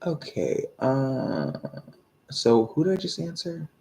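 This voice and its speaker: A man's voice: medium pitch, big pitch swings, takes it slowly, a little mellow. A man in his thirties giving live-stream tarot readings, rambling and hesitant with many fillers. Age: 30s. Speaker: tarot reader.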